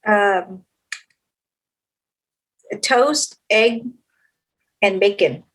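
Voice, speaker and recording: Breathy Filipino-accented mother, slow and halting. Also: mid-range voice. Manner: hesitant, searching for words, laughs easily. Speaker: guest, the hosts' mother. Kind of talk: casual podcast chat.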